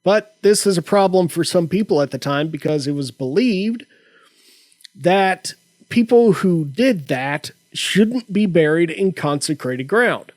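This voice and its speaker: A man hosting a comedy podcast, telling a story in a casual, halting way with frequent restarts. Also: high-pitched, expressive, a little mellow, no echo, poor audio. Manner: slow, halting delivery with many restarts. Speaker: podcast host.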